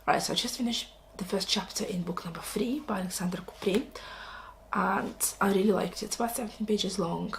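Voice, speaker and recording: A woman's voice: mid-range voice, a little fast, gravelly, slight background noise. A woman casually chatting about books she has just read, enthusiastic and exclaiming, on a camera mic at home. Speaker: book vlogger. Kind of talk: casual book review chat.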